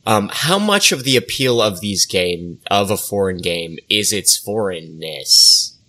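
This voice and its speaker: Man, podcast panelist, somewhat low voice, inquisitive, winding questions, casual chat. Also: expressive, unhurried, bright, forceful tone.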